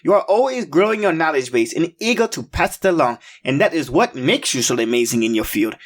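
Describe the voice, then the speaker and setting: A man with a high voice hosts a children's show and swings his pitch up and down. He leads the viewers through call-and-response in a slow, emphatic, coaxing way. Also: very animated. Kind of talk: upbeat kids' show hosting.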